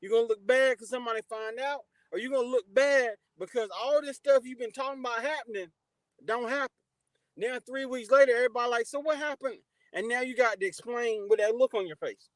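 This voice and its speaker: Livestream host, male, fairly high voice, dry close sound, chatty shout-outs and advice. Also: brisk, no echo, rough recording. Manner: shouts out chat viewers warmly by name, preachy advice. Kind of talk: casual livestream chat.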